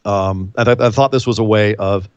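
A man co-hosting a podcast in casual chat, animated, with incredulous outbursts and quick asides. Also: on the low side, clean tone, no echo. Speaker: podcast co-host. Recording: dull, lo-fi dry sound.

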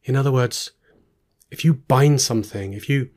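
A man's voice: mid-range voice, normal speed, a little mellow. A man giving a Bible teaching, reading verses aloud and then explaining them with informal asides and restarts. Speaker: preacher.

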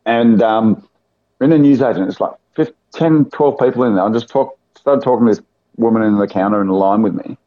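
In a dull, lo-fi recording with no echo, a man from South Australia chats briskly in a voice on the low side. His rambling anecdotes include impressions of the people he quotes.

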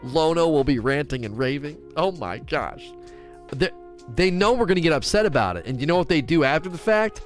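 A man's voice: a little high, brisk, soft background music. A man ranting and chatting on a casual gaming livestream, reading viewer questions aloud and answering them. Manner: animated, ranting, reads chat questions aloud. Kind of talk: casual gaming stream chat.

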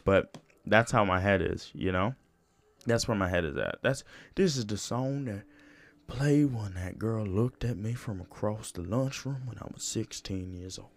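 Low-voiced man rambling on a podcast. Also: measured pace. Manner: rambling, profane, full of "you know" and restarts. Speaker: podcast host. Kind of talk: casual solo podcast monologue.

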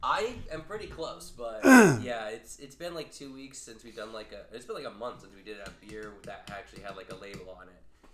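A man co-hosting a podcast in casual chat, relaxed and quick with a joke. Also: fairly low pitch, a crowd in the background. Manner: quick, laid-back, reads warning labels rapid-fire. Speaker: podcast co-host.

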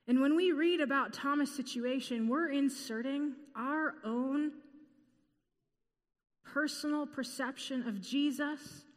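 A woman preaching a sermon in an earnest, measured way, repeating key phrases. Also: high-pitched, long reverb tail.

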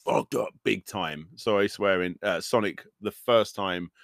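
A man's voice: on the low side, a little slow, vocal fry, no room sound, studio quality. A man in his thirties, a podcast host ranting animatedly in casual chat, with many fillers.

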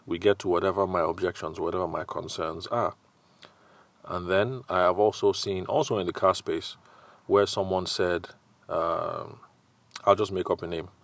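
A man's voice: low-pitched, no echo. A man with a Nigerian accent hosting a solo sales podcast, talking conversationally and acting out quoted customers and salespeople. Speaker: podcast host and sales consultant.

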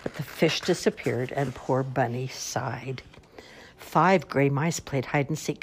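An older woman reading picture books aloud to a child in an expressive, sing-song way. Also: takes it slowly, a little hiss or hum. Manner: sing-song, expressive read-aloud with lively pitch swings. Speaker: storyteller.

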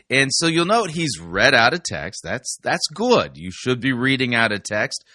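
Dry-voiced man with sarcastic, lively commentary. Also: mid-range voice, unhurried, few pauses, no room sound. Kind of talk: critical commentary.

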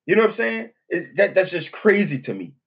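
Very animated and a little fast, a New Orleans-accented podcast host rambles through a casual solo monologue. He's blunt and profane and keeps tossing in "you know what I'm saying". His voice is husky and slightly high, captured on a dull, lo-fi recording.

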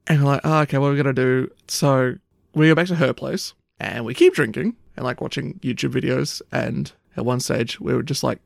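A man's voice: medium pitch, a little fast, creaky, no room sound, studio quality. A man telling a long, rambling story in casual chat, swearing often. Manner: rambling anecdote, frequent swearing and "like".

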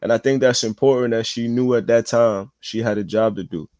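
A man's voice: mid-range voice, steady tone, fairly quick, darkish tone, no echo. A man, a father, chatting as a podcast guest, earnestly telling stories about his son. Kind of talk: casual chat.

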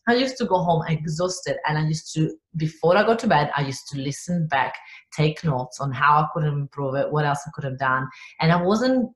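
A woman with an Italian accent, a business coach telling stories in a podcast interview, animated and laughing often. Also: deep voice, normal speed, echoey room. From Italy.

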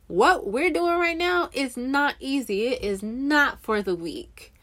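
A woman's voice: high voice, expressive, slow, fairly bright tone. A young woman giving casual, earnest faith encouragement, rambling a little and correcting herself as she goes. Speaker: Christian encourager speaking to waiting spouses.

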